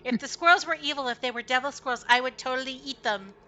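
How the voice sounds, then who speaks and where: An excitable young male puppy yaps his lines high and loud, bragging that he is a good boy and a smart dog, as a woman puts him on. He is blunt and boastful, and all his talk is about fighting undead. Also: fast, soft background music. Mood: eager. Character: eager young male magical puppy, bloodthirsty toward undead.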